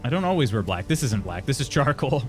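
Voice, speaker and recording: A man in his thirties with heavy vocal fry, casually chatting with his live-stream audience, laughing often and restarting his sentences. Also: mid-range voice, very animated, fast talker, soft background music. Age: 30s. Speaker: streamer reading chat.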